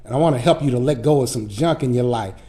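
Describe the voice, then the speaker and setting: A middle-aged man, a pastor teaching Sunday school, telling folksy stories in a lively preaching style. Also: mid-range voice, fast. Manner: animated, folksy preacher who acts out his stories. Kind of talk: storytelling sermon-style lesson.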